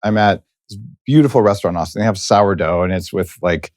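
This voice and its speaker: Rambling, low-voiced man host. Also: quick pace, no room sound, studio quality. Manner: rambling, animated, enthusiastic. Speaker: podcast host. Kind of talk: casual interview chat.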